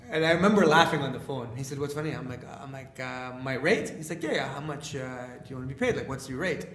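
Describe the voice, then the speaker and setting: Animated young man telling stories, echoey room. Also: medium pitch, fast. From Canada. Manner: animated storyteller, acts out quoted dialogue with many fillers. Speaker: guest, leadership speaker. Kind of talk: casual podcast storytelling.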